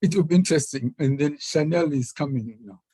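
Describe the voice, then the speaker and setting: An easygoing man with a husky, mellow voice chats over a video call with a dry, close sound. He talks in a relaxed way and chuckles along with the others. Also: fairly high pitch, fairly quick, no room sound, poor audio. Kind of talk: casual chat before an online session.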